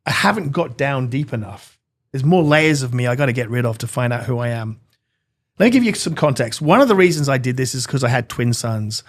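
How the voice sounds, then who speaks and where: A middle-aged man from Britain tells his own story as an interview guest. He speaks earnestly, with a mid-range voice, and brings it alive by acting out the people in it. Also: mid-range voice. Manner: earnest, animated, acts out dialogue.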